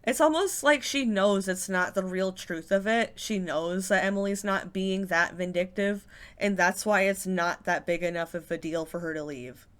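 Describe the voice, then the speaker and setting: A woman's voice: medium pitch, moderate pace, a bit bright. A woman hosts a reaction commentary in a mid-range voice. She talks in an exasperated, sarcastic way, swearing casually as she picks apart what she hears. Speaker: commentary channel host.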